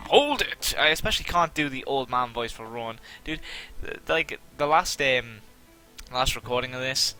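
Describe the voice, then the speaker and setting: A man giving casual let's-play commentary, rambling and self-deprecating, with a somewhat monotone delivery and lots of fillers. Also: mid-range voice, moderate pace, soft background music.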